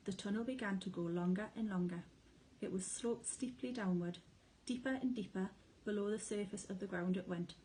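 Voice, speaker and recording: A woman teacher reading a children's storybook aloud, with clear, expressive storytelling. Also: medium pitch, moderate pace, hardly any pauses, slight background noise, rough recording. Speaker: primary school teacher.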